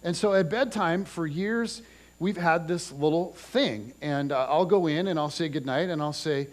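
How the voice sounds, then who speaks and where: A man's voice: a little high, moderate pace. Conversational man preaching a sermon. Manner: conversational, animated storytelling with restarts. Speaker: pastor. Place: church auditorium.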